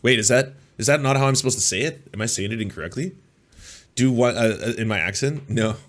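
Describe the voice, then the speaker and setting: A man's voice: medium pitch, brisk, a bit bright. A man with a Canadian accent hosting a live commentary stream, sarcastic and profane, with many filler sounds. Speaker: host.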